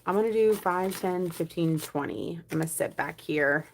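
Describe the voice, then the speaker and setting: A young woman vlogging a savings challenge, chatting casually and counting money aloud, often dropping to a soft murmur. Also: on the low side, moderate pace, a little hiss or hum. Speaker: budgeting vlogger.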